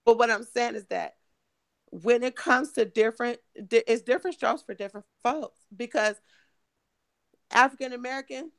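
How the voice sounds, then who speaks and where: A middle-aged woman from Michigan, hoarse and emotional, telling her story in an interview with halting, restarting speech. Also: fairly high pitch, dry recording. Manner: halting, repeats words, restarts often. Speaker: guest, mother of missing woman.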